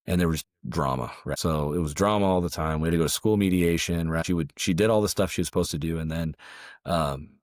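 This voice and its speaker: A man's voice: low voice, fast, a little mellow, dry recording, studio quality. A man, a martial arts coach and parent, telling a story animatedly on a podcast, often tagging his lines with "right?".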